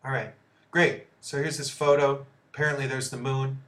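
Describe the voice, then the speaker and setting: A man's voice: mid-range voice, little pitch movement, normal speed, a bit bright. A man hosting his own channel, delivering heated, profane commentary on news articles with blunt asides. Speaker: video host. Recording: echoey room.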